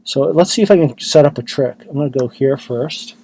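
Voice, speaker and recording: A tired man giving self-mocking, deadpan commentary on his own blitz chess games. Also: medium pitch, brisk, slightly rough. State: exhausted. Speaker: chess channel host.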